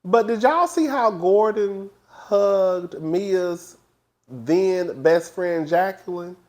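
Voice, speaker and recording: A man reviewing a reality TV episode in casual, animated, gossipy commentary. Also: extremely slow. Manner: animated, gossipy, acts out quotes in high voices.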